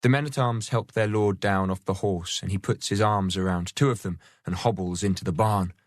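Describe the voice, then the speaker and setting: A male audiobook narrator with a low voice reads scripted text at a moderate pace, his intonation fairly even. The recording is dry and of studio quality.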